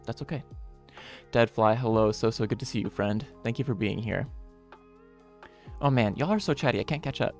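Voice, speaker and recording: A man hosting a casual live stream. He greets viewers one by one in an upbeat, friendly way, with playful, softly self-mocking asides. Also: mid-range voice, normal speed, long pauses. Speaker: streamer and game developer. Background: faint lo-fi music.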